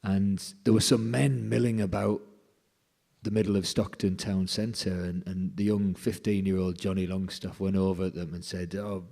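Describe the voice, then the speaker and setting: A folk musician being interviewed, retelling a story with lively quoted dialogue. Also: male voice, low-pitched, moderate pace, vocal fry.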